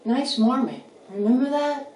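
A woman's voice: sits high, expressive, a little slow, a little mellow, pitched above the performer's own voice. A woman voicing a cheerful, boastful young male red rat in a storybook, rhyming in a sing-song way. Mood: chanting. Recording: roomy sound, mic at a distance.

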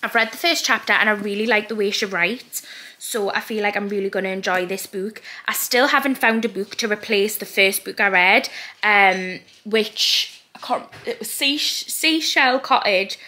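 With a bright, pushed voice of medium pitch at a normal speed, a young North East England woman chats to camera in her Geordie accent. She rambles through the vlog with frequent fillers, lisping slightly because of dental aligners.

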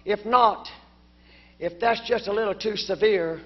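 A woman's voice: unhurried, long pauses. Emphatic woman preacher, dull recording. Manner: emphatic, swelling to shouts then dropping low. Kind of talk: sermon.

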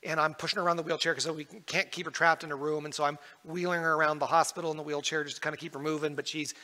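High bright-voiced pastor preaching. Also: male voice, level tone, racing. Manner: personal storytelling, earnest. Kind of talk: sermon. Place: church. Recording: echoey church hall.

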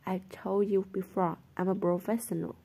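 A woman's voice: medium pitch, little pitch movement, moderate pace, vocal fry, warm tone, slightly rough. A woman reading the lines of a cheerful, shrewd schoolboy in an airy, matter-of-fact way. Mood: breezy.

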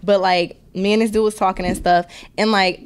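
A woman's voice: mid-range voice, fairly even intonation, fairly quick, clear, resonant tone. A woman from Milwaukee, a podcast guest telling stories in casual chat. She talks bluntly and profanely, laughs often and acts out other people's voices. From Milwaukee, Wisconsin.

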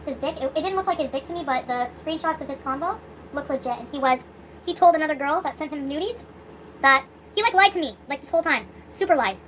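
A woman's voice: high voice, lively intonation, fast, a bit bright, a little hiss or hum. A young woman vlogging, venting in an upset, swearing rant with sighs. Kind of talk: angry venting vlog.

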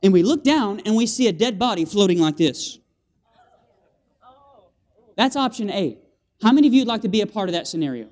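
A man preaching an animated sermon in a church, calling for amens from the congregation and acting out scenes with sound effects. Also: high voice, brisk, long pauses. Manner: animated, with call-and-response and vocal sound effects. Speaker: guest preacher. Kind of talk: lively evangelistic sermon. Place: church sanctuary.

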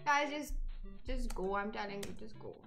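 A woman's voice: mid-range voice, moderate pace, vocal fry, a bit bright, faint music behind. A woman with an Indian English accent commentating her own gameplay live, talking to her chat and scolding herself in exasperation. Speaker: streamer.

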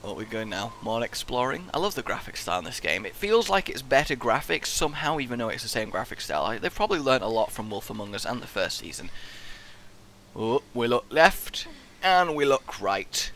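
A young man giving playful, excitable let's-play commentary and chatting to the game character as he plays. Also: medium pitch, fairly quick, slight background noise. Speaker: gaming video host.

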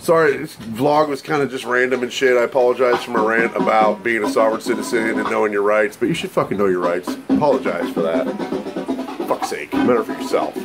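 Man, vlog host, rowdy car rant with cursing and barks, then quick apologies. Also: fairly low pitch, over loud music. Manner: rowdy, swearing, barking and yelling outbursts, repeated apologies. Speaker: vlogger. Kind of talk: casual vlog commentary.

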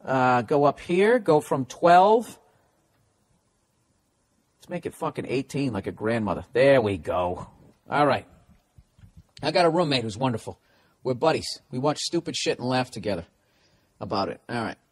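A man hosting a casual comedy podcast, reading listener letters and ranting in a profane, animated way. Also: medium pitch, normal speed, pauses often. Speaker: podcast host.

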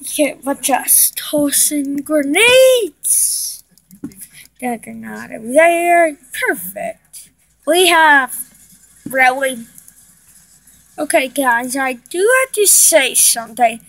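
A woman giving excitable gameplay commentary to her viewers, often breaking into panicked shrieks. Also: high-pitched, takes it slowly, long pauses, dry recording. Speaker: gaming video creator.

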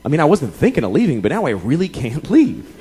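A man's voice: a little high, huge pitch swings, fast talker, mellow, husky. A man in his thirties doing stand-up comedy, exasperated and profane, acting out his own inner voices. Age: 30s. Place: comedy club stage with laughing audience. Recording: stage mic with crowd laughter and noise.

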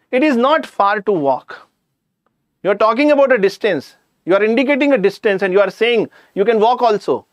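A man's voice: high voice, dry recording. A man with an Indian English accent teaching a live online grammar class, chatty, addressing students directly and slipping in jokes.

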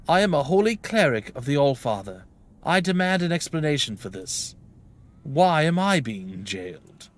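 A man's voice: mid-range voice, lively intonation, fairly quick, hardly any pauses, pushed and bright. A man voicing a proud, indignant male cleric in a game who keeps demanding answers. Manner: demanding, self-righteous.

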